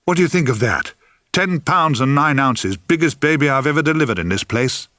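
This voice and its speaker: A man's voice: fairly high pitch, lively intonation, brisk, sharp tone, dry recording, studio quality, voice pushed up. A man voicing a bluff, boastful male doctor showing off a newborn.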